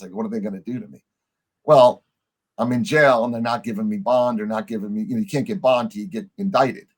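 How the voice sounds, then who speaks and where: Husky, low-voiced man telling a story. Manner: animated storyteller, acts out quoted dialogue, swears casually. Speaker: podcast guest. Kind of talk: storytelling in a podcast interview.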